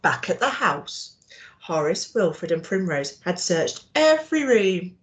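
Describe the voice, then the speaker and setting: Expressive woman reading to young children. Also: on the low side, slow pace, a little hiss or hum. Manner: expressive, asks the children questions. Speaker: teacher.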